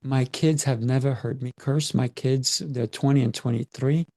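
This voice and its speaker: A middle-aged man speaking as a podcast guest, deliberate and emphatic, drawing out key words. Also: medium pitch, fairly even intonation, mellow, no room sound, studio quality. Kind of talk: measured podcast talk.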